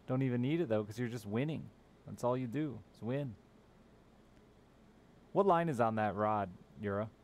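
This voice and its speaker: A man's voice: mid-range voice, normal speed, long pauses, a little mellow. A man streaming a game live, chatting casually with viewers in a sardonic, teasing way and swearing freely. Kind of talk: casual gaming stream chat.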